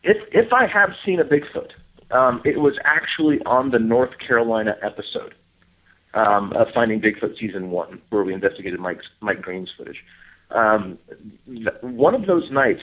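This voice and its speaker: A man, a guest researcher, telling a field story in a casual interview, full of fillers, acting out other people's lines in a high voice. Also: animated, normal speed. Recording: tinny phone line.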